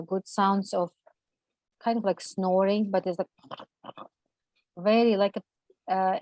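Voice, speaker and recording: A woman's voice at a middle pitch, recorded dry and close with almost no room sound. She talks haltingly and with feeling, in imperfect non-native English. She restarts often and leans on fillers as she tells a personal story as a guest. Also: dry recording, highs cut off. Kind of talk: personal account in an interview.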